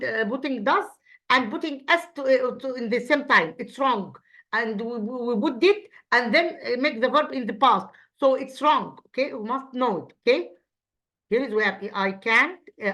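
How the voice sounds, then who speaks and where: A woman English teacher whose first language is Arabic, speaking with an Egyptian accent. She goes over exercises in a halting way, repeating words and checking with "okay?". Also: medium pitch, fairly bright tone, highs cut off. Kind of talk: revision lesson.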